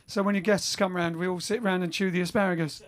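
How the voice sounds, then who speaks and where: A man's voice: sits high, fairly even intonation, fast. A man hosting a lockdown livestream for his band, chatting casually and reading out viewer comments, rambling with lots of fillers and restarts. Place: home during lockdown.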